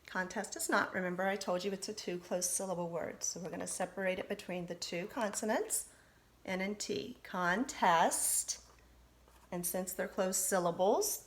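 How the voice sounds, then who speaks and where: A woman's voice: medium pitch, slight background noise. A woman teacher giving a spelling lesson to young pupils, spelling out letters one by one with patient encouragement. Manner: slow, deliberate dictation, spelling out letters one at a time.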